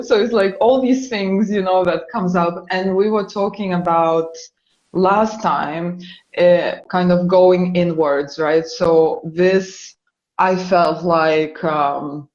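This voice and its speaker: A woman in a casual, reflective conversation, talking in a halting, searching way with many fillers and restarts. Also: on the low side, darkish tone, reverberant, highs cut off. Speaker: guest or co-host in a spiritual conversation.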